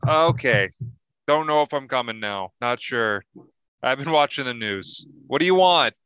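A man's voice: mid-range voice, sharp tone, clear, resonant tone, no echo, highs cut off. A man playing a stubborn, sarcastic male shut-in who refuses to go. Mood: defiant. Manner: mocking, slow and stubborn refusals.

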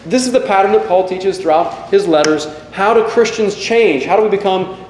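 A man's voice: high-pitched, normal speed, darkish tone, slight background noise. A pastor in his forties giving an earnest, self-deprecating sermon in a church hall. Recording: echoey hall with long reverb.

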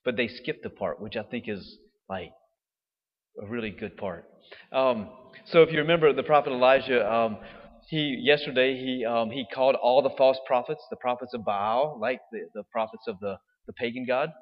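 A man's voice: medium pitch, moderate pace. Man, priest, chatty homily, long church echo, dull muffled recording. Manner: conversational, jokey preaching with laughs and fillers. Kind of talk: homily at weekday Mass. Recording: dull reverberant church sound.

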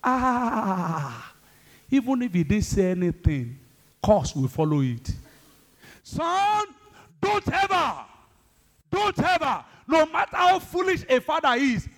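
Male pastor, exhorting sermon, high-pitched and very animated. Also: measured pace. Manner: exhorting, calls the congregation to respond; swings between loud high bursts and low asides.

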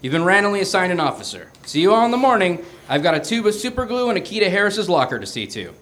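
A man's voice: high voice, big pitch swings, fast talker, fairly bright tone. A man voicing a smug, scheming male police commander in a wry, sly way, recorded live on a small theater stage.

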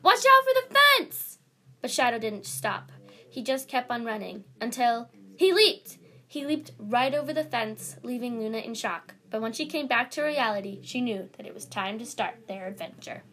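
A woman reading her own story aloud in a plain, slightly halting way with small restarts. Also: a little high.

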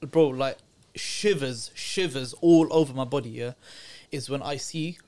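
A man's voice: medium pitch, unhurried, darkish tone. A man, a podcast guest telling a story in casual, earnest chat. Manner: earnest, chatty, slangy. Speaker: podcast guest, youth worker.

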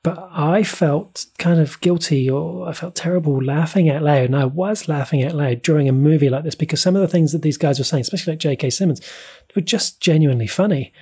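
A man co-hosting a film podcast, speaking in a measured, reflective way with some hesitations. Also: on the high side, dark tone, slightly rough. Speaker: podcast co-host. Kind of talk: casual film discussion.

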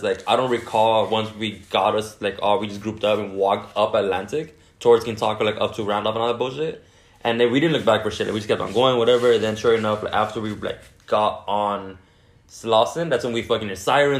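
A man casually telling a long story in a podcast chat, swearing constantly and rambling. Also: medium pitch. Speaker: podcast co-host.

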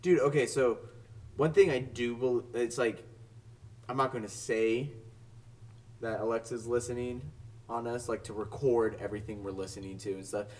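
A man's voice: mid-range voice, fairly even intonation, moderate pace, a little mellow. A young man co-hosting a casual podcast chat, laid-back and swearing often. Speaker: podcast co-host. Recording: distant from the mic.

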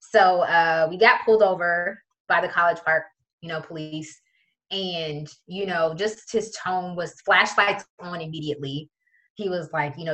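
A guest from the Prince George's County, Maryland area, a young woman, relates a personal story in casual speech packed with fillers and quotations of what others said. Her bright, forceful voice is on the low side, and her pace is moderate. It's a rough recording.

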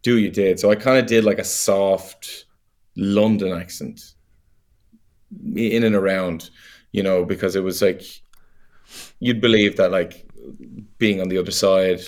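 An Irish man, a young adult actor, chatting as a guest in an interview, animated and full of fillers and laughs. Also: deep voice, a little slow, long pauses. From Ireland. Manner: animated storyteller, laughs easily, many fillers. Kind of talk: casual interview chat.

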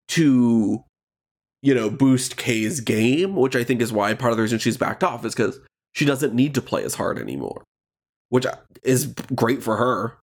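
A man co-hosting a podcast, chatting casually about a reality show with a lot of "um" and "like" and frequent laughs. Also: mid-range voice. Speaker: podcast co-host.

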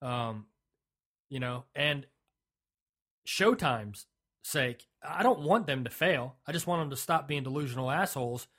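A man in the middle of a casual podcast chat, talking at an ordinary pitch for a man. He is blunt and opinionated, stumbles and restarts mid-thought, and states his views flatly. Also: a little slow, pauses often. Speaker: podcast co-host.

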